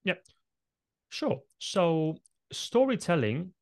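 A man's voice: high-pitched, very animated, slow pace, gravelly, darkish tone. A middle-aged man, a presentation coach being interviewed, explaining techniques and showing vocal emphasis as he talks.

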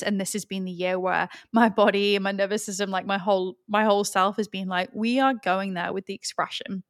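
A woman's voice: medium pitch, no room sound. Brief: woman podcast host, solo episode, frank and earnest with casual swearing, mid-range voice, close and dry.

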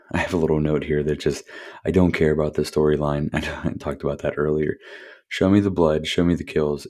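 A man with an extremely deep voice hosts his own podcast alone. He talks in a loose, rambling way, swearing freely and chuckling between thoughts. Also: a little mellow. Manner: rambling, profane, chuckling asides. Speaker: podcast host. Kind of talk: casual solo podcast review.

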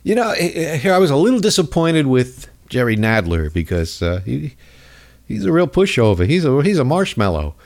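A man's voice: mid-range voice, huge pitch swings, normal speed. A man hosting a comedic political rant in a mocking, rambling way. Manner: mocking, rambling, jumps into voices. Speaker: host.

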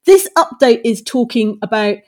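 A woman co-hosting a history podcast, chatting in a lively way and reading old articles aloud. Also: fairly high pitch, moderate pace. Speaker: podcast co-host.

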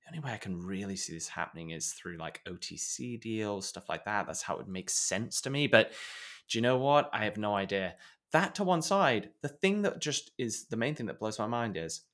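Low-pitched male co-host, exasperated and emphatic, casual podcast commentary. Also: a little fast, few pauses, fairly bright tone.

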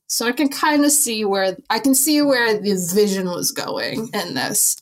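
A woman hosting a casual podcast conversation, chatty and quick to laugh. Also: on the high side, animated. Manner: chatty, laughs often, friendly. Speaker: podcast host.

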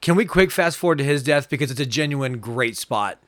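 A man's voice: medium pitch, lively intonation, a little fast, fairly bright tone, dry recording, studio quality. A man co-hosting a casual podcast, riffing sarcastically on a film with heavy swearing. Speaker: podcast co-host. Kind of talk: casual movie-recap podcast chat.

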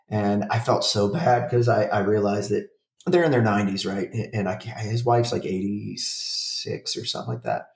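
A man in his forties talks loosely and profanely, stumbling through restarts and fillers as he tells his story. His voice sits low. He sounds set back from the microphone, in a room that echoes. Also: lively intonation, fairly quick, gravelly, far from the mic. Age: 40s. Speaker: podcast co-host. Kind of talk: casual chat.

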